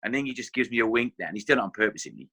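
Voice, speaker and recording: A middle-aged man with an Irish accent, a former footballer telling animated anecdotes as a podcast guest, acting out what others said. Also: mid-range voice, racing. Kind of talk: casual podcast storytelling.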